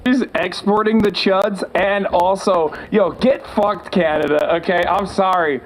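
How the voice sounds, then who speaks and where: A man's voice: high-pitched, fairly even intonation, measured pace, a little hiss or hum, poor audio. A man trading sarcastic, mocking jokes in casual podcast banter.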